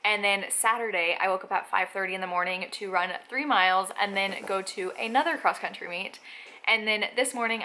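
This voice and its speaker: Bright-voiced chatty young woman vlogger. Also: mid-range voice. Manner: chatty, many "like" and "um" fillers. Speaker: book vlogger. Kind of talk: casual reading vlog updates.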